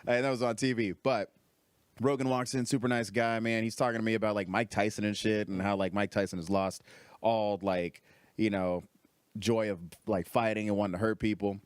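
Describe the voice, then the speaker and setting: A young man, a comedian guest, telling a story in casual, animated chat, swearing freely and jumping up in pitch when he quotes people. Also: fairly quick, clear, resonant tone, dry recording.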